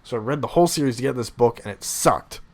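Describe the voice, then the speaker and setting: A young man hosting a podcast, chatting casually and ranting with animated, opinionated energy. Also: medium pitch, fast talker, background noise. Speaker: podcast host. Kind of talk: casual chat.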